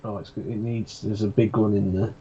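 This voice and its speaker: A man's voice: lowish voice, flat delivery, moderate pace, warm tone, breathy edge. A man hosting his own channel's live watch-along, laid-back and jokey. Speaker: channel host. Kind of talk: casual chat. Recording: muffled stream audio with faint hiss.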